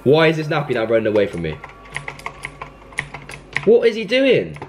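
A man's voice: on the high side, huge pitch swings, moderate pace. Young guy playing a horror game, voice leaping all over the place, bit of hiss behind. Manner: jumpy, panicky outbursts, scolding the game baby. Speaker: gaming YouTuber.

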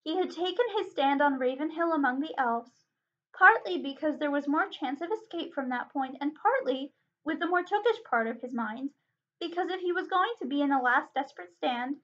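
High-voiced woman reading a story aloud. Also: lively intonation, moderate pace, a bit bright, lo-fi sound. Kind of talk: storybook read-aloud narration.

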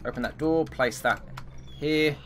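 A gaming commentator with a fairly high voice gives live commentary over his own gameplay at a measured pace. He thinks aloud and swears at the game in exasperation, with game music and background noise behind him.

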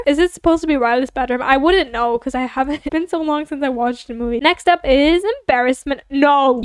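A young woman giving casual, giggly commentary while playing an online building game with her subscribers, often gushing and excited. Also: high-pitched, dry recording, studio quality. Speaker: gaming YouTuber.

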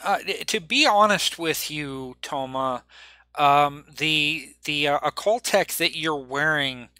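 A man running a tabletop game as game master, relaxed and rambling, laughing often. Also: a little high, takes it slowly, smooth, dry recording.

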